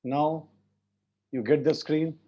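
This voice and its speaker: A man's voice: fairly high pitch, steady tone, takes it slowly, dark tone. A man with an Indian English accent teaching an online French class, patiently correcting pronunciation by repeating words. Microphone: video call. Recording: muffled lo-fi video call audio.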